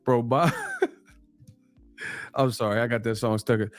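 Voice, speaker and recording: A man's voice: medium pitch, measured pace, pauses often, no room sound, soft background music. Live streamer host, man, loose slangy banter, laughs a lot, dry close sound. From New Mexico, USA. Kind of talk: casual live stream chat reading donations.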